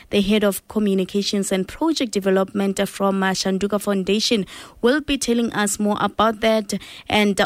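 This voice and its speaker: Woman, radio host, chatty and friendly, dry close studio mic, mid pitch. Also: no room sound. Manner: friendly, chatty on-air address to listeners. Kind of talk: live radio show presenting. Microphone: studio microphone.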